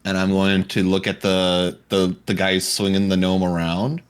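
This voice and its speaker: A man's voice: low-pitched, level tone, moderate pace, smooth. A man playing a tabletop game, playful and hesitant, stumbling over words. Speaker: player.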